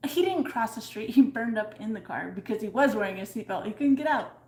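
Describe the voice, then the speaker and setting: A woman's voice: fairly high pitch, expressive, brisk, darkish tone, reverberant, a little hiss or hum. A woman co-hosting a live stream from home in casual chat, laughing often and swearing as she tells stories.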